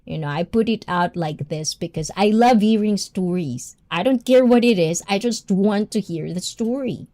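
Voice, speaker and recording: A woman's voice: medium pitch, normal speed, hardly any pauses, warm tone. A woman hosting a casual livestream, a personal trainer who chats with viewers by name and laughs often.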